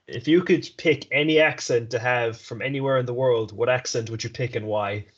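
Joking podcast host, slightly dull recording. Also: male voice, medium pitch, moderate pace. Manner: joking, swears casually, laughs often. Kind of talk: casual podcast chat.

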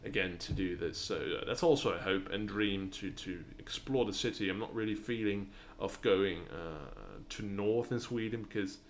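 A man's voice: fairly low pitch, moderate pace, few pauses, slight background noise. A young man with a British-leaning accent, hosting a solo podcast and rambling with many restarts and fillers. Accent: British-leaning English, non-native. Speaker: podcast host.

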